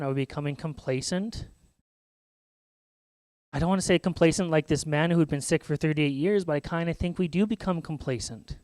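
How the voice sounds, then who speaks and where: A man preaching a sermon as pastor, earnest and animated, often acting out quotes. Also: a little high, smooth, no room sound. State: tearing up. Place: church.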